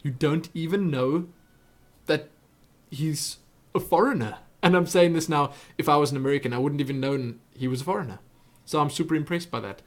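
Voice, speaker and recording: A man's voice: a little high, brisk. A young man with a South African accent chatting through viewer questions on his webcam vlog, rambling with lots of asides and self-corrections. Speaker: YouTube host answering viewer questions. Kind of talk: casual Q&A vlog chat.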